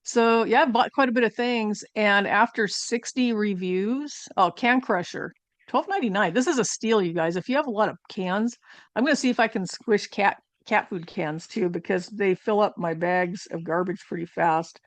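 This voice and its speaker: A woman's voice: mid-range voice, moderate pace, dry recording. A woman at home chatting through a casual product haul review for her channel, rambling with fillers and asides. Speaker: channel host.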